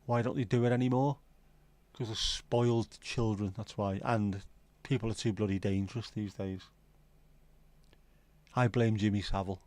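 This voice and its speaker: A man's voice: lowish voice, fairly even intonation, moderate pace, darkish tone, dry recording. A middle-aged man with a South Liverpool Scouse accent, chatting casually on a livestream and telling rambling, sweary stories. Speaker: livestream host.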